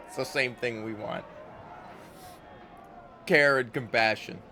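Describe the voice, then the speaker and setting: Guy streaming a game live, bright sharp voice, chatty and jokey. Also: mid-range voice, slow, slight background noise. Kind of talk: casual live game commentary.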